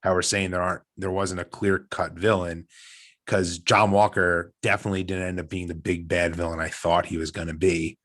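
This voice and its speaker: Deep-voiced male podcast co-host, earnest casual chatter. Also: little pitch movement, moderate pace, a bit bright. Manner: earnest, emotional, rambling with restarts. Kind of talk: casual chat.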